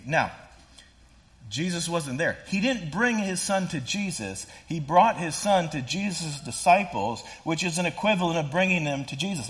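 A man preaching a sermon in a relaxed, conversational way, full of "like" and "kinda", and acting out the scripture quotes with feeling. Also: fairly high pitch, normal speed. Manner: casual, animated preaching with fillers like "kinda" and "like"; voices scripture quotes with rising intensity. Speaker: pastor.

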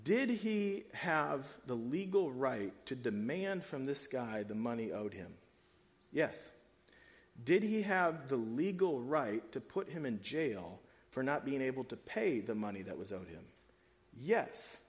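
A man's voice: medium pitch, unhurried. Casual preaching man in a reverberant hall. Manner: casual, animated preaching with slang. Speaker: pastor. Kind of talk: sermon.

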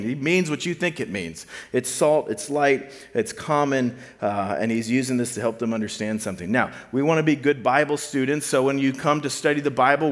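A man's voice: mid-range voice, fairly bright tone, in a large hall. A man giving a conversational sermon to a student ministry, casual and full of fillers, repeating key points for emphasis.

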